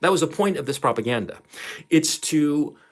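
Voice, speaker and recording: A man's voice: on the high side, animated, moderate pace. A man giving a ranting commentary vlog in a profane, emphatic way, hammering his points again and again.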